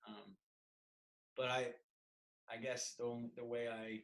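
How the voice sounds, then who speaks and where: Man, podcast guest, casual call chat, rambling, restarts, middle pitch. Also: level tone, measured pace, gravelly, poor audio.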